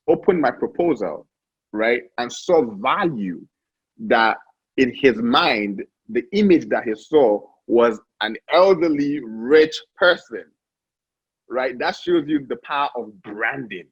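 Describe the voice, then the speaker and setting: Here a young Nigerian founder is the interview guest, recounting stories with animation and plenty of false starts and stammered repetitions. The medium-pitched, breathy voice comes through dull audio with no echo.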